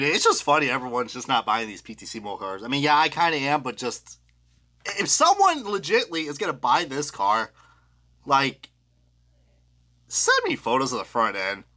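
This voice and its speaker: A young man ranting live about his collection, excitable and foul-mouthed. His voice swings widely up and down and has a bright, forceful edge. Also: mid-range voice, normal speed. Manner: excitable and profane, with loud laughing outbursts. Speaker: diecast reviewer. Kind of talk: live rant review.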